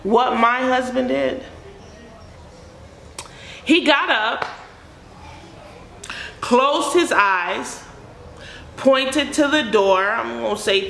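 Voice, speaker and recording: A woman vlogger tells a personal story in an animated, joking way. She speaks slowly in a bright, gravelly voice. A roomy echo hangs around her. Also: fairly high pitch, slight background noise. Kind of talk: storytime vlog.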